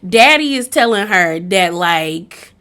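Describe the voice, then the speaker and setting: A woman's voice: lowish voice, lively intonation, slow pace, bright, forceful tone, smooth. A woman giving a casual, opinionated recap of a reality show. She talks chattily, with a lot of "like", and acts out the quotes.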